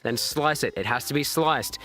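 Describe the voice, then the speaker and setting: A man's voice: medium pitch, moderate pace, bright, forceful tone, faint music behind. An Australian man, a live streamer, chatting casually with his viewers and reading chat aloud, laughing and swearing freely.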